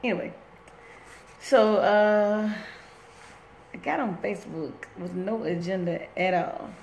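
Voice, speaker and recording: This inspirational speaker's voice sits at medium pitch, slow-paced with vocal fry and a slightly mellow quality. She streams from her workplace by phone, rambling conversationally and pausing to say hi to viewers. Echoey room, faint background noise.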